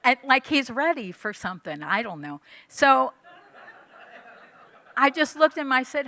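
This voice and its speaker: Woman, fifties, sermon storytelling, animated, slightly high voice. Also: a little slow, long pauses. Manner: animated storytelling, acting out her own past lines. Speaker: church speaker. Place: church hall.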